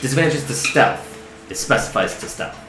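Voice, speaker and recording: A man's voice: medium pitch, lively intonation, normal speed, background noise. Man running a tabletop game. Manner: explains rules plainly, with restarts. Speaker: dungeon master. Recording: roomy echo with music.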